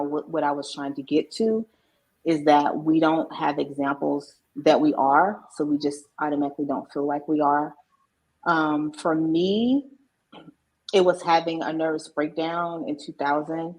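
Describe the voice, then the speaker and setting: A woman's voice: low-pitched, fairly even intonation, moderate pace, darkish tone, poor audio. A middle-aged woman, a podcast guest, candidly telling a personal story and acting out the voices of people she quotes. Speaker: podcast guest, mindset coach.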